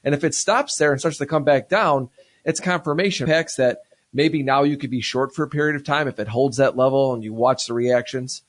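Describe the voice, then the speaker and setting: A man hosting a livestream trading talk show, explaining ideas quickly and reading viewer questions. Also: medium pitch.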